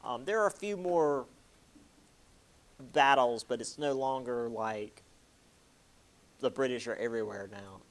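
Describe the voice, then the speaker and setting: A man's voice: mid-range voice, measured pace, long pauses. Chatty man giving a lecture. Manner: chatty, with lots of fillers and mock-quoted asides. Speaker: history lecturer. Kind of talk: casual classroom lecture.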